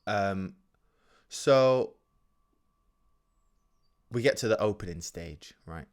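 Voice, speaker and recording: Animated young man storyteller. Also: lowish voice, slow pace, clean tone. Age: 20s. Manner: animated, rambling, jokey, swings from loud to mumbled. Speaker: podcast host. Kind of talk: casual solo storytelling.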